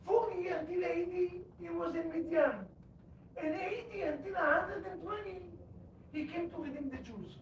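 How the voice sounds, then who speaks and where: A man's voice: very high-pitched, moderate pace. Man teaching a class in an echoey hall. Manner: quizzes the audience, lively storytelling. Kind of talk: Torah class lecture. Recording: echoey room, distant mic, background noise.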